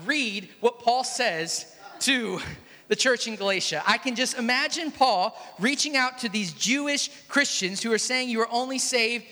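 A man's voice: extremely high pitch, unhurried, pushed and bright. A man preaching a sermon in a large church hall, conversational and storytelling, joking with the congregation. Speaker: pastor. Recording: echoey hall.

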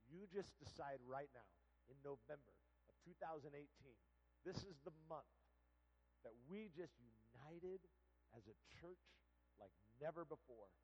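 A man preaching a sermon, telling a story with acted-out quotes and then leading a quiet prayer. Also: on the high side, lively intonation, a little slow, breathy edge, rough recording. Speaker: guest preacher.

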